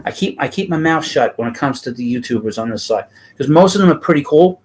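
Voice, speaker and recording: A man's voice: on the high side, animated, fast talker, poor audio. A middle-aged man with a thick New York accent, hosting a baseball livestream and talking bluntly and ramblingly to his chat.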